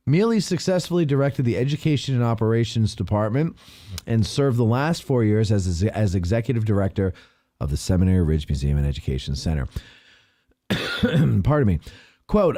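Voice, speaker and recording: A man's voice: medium pitch, dry recording. A man hosting a casual podcast, reading local news aloud with playful asides and jokes. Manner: jokey, animated, reads aloud with playful asides. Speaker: podcast host.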